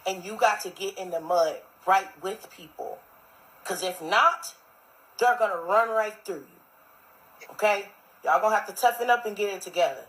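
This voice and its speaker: A woman's voice: mid-range voice, normal speed, a bit bright, poor audio. A woman speaking emphatically to camera, lecturing her audience.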